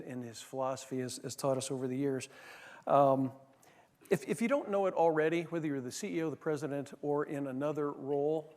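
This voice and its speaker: A man's voice: a little high, a little mellow. A man giving an anecdotal leadership talk, telling stories with many fillers and restarts. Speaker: former managing partner giving a talk. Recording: long hall reverb.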